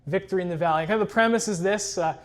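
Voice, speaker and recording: A man's voice: sits high, racing. A man sharing his personal testimony in an earnest, reflective storytelling way. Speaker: church member giving a testimony.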